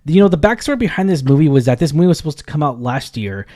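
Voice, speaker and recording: A man's voice: fairly high pitch, lively intonation, racing, warm tone. A man hosting a casual movie review chat, rambling and enthusiastic, with many fillers and restarts.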